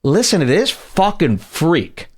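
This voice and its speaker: A man's voice: a little high, big pitch swings, takes it slowly. A man hosting a podcast, ranting in a crude, mocking, sarcastic way. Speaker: podcast host. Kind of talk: ranting casual talk.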